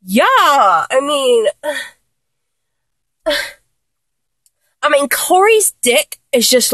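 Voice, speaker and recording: A woman's voice: high-pitched, a bit bright, no echo. A young woman performing a playful one-sided phone role-play, teasing and giggling as she talks to an unheard listener.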